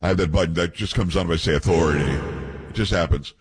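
A man's voice: deep voice, quick pace, slightly rough. A man hosting talk radio, reading news stories aloud and breaking in with blunt, opinionated asides.

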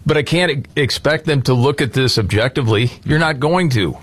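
Animated, blunt male talk host. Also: mid-range voice, fairly quick. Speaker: podcast host. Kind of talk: casual political talk show.

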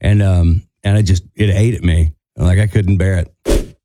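A man's voice: deep voice, measured pace, noisy background. A man guest co-hosting a radio show, telling a story casually and acting out quotes in a raised voice. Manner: animated, acts out quotes in a raised voice. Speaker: guest co-host, country singer.

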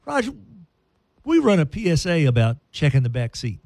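A male radio host spinning a story with a lively, up-and-down voice that climbs fairly high. His delivery is playful and animated, full of goofy asides. The sound is close and dry, with no room around it. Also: moderate pace, creaky, dry recording.

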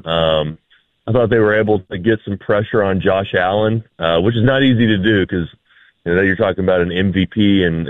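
A man talks through sports analysis in an easygoing way, with dry humor and many fillers. His voice sits fairly low. The sound is dry and tinny, like a phone call. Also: dry recording. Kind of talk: casual sports talk.

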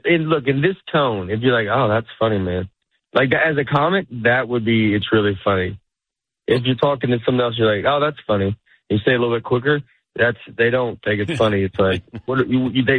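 A man's voice: medium pitch, dry recording. A man who is a stand-up comedian chatting casually in an interview, rambling with many restarts. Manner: rambling, restarts, laughs easily. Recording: dry phone-like radio sound.

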